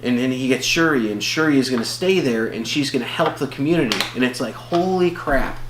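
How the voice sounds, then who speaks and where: A man co-hosts a casual film review podcast in a mid-range voice with lively intonation and a fairly quick pace. He keeps rambling, leaning on fillers and starting over often. Expect a roomy echo with a light hum.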